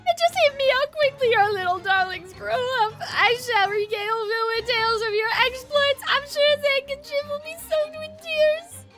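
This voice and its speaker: Flamboyant male hunter, effusive and dramatic, bright and ringing, read by a woman. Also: very high voice, lively intonation, unhurried, soft background music, voice pushed up, exaggerated voice. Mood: tearful gushing. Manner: grand, sweeping declarations.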